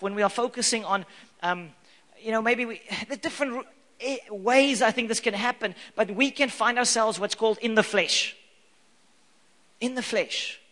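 Male pastor, high voice, bright tone, animated sermon delivery, echoey hall. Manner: animated, playful, acts out scripture scenes.

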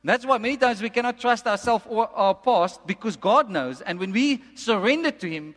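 Male preacher, high tenor, emphatic sermon delivery, church-hall reverb. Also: expressive, a bit bright. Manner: emphatic, repeats lines slowly for effect. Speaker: pastor. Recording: long reverb of a large hall.

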